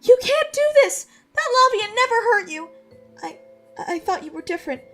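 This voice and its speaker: A woman voicing an earnest, emotional young female royal servant with a high voice. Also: animated, normal speed, faint music behind. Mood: pleading. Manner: high, pleading, polite.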